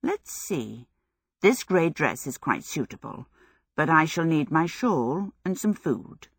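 Calm, dry old woman muttering to herself; woman narrator doing it. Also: slow pace, slightly rough, no echo, exaggerated voice. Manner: calm, low, matter-of-fact. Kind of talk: audiobook character voice.

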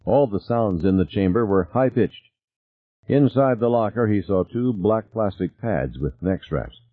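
A man narrating an audiobook in an expressive, varied reading. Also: fairly low pitch, measured pace, no room sound. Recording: tinny phone-like dry sound.

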